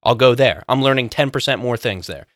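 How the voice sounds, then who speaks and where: A man's voice: medium pitch, brisk, a bit bright, dry recording. A man with a mid-range voice chats on a podcast. He is blunt and emphatic and swears freely. The recording is dry, with almost no room sound. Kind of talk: casual podcast chat.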